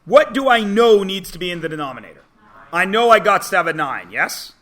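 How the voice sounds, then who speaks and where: A man teaching a math class in a classroom, chatty and teasing, often checking in with quick questions. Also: high voice, expressive, sharp tone. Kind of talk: classroom lesson.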